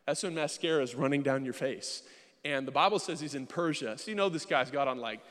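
A man's voice: mid-range voice, a little fast, fairly bright tone. A young man preaching a sermon in a church, casual and joking, acting out his own inner voices as he talks. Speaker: pastor. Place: church sanctuary. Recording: long reverb of a large hall.

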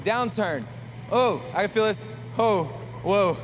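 Animated high-voiced male pastor in a reverberant hall. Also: slow, a little hiss or hum. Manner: animated storytelling, addresses the congregation. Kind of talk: sermon. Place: church hall.

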